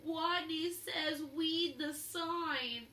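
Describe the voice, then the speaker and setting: A woman puts on a small, squeaky boy rodent in a storybook, turning every r into a w. He speaks slowly and high, his bright tone carried by a roomy echo. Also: distant mic, heavily acted. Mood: timid to bold. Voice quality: turns r sounds into w. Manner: slow, squeaky, growing bolder. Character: timid little boy rodent, lisping r as w.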